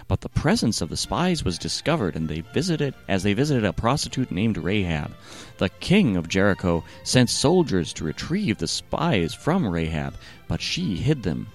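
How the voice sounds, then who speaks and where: A man narrating a satirical retelling of a scripture story in a deadpan, sardonic manner. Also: on the low side. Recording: faint music underneath.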